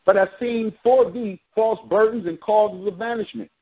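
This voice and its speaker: Here a high-voiced street preacher keeps his intonation fairly even and his pace moderate as he reads verses aloud and slips into informal slang commentary. The audio sounds dull.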